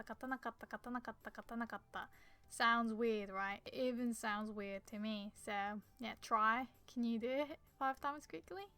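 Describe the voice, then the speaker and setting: A Japanese woman, a native Japanese speaker, teaches a beginner lesson in a bright, smooth voice with a somewhat high pitch. She explains step by step and repeats each word slowly and patiently. Her Japanese accent stays audible throughout, and the sound is close and dry. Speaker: language teacher.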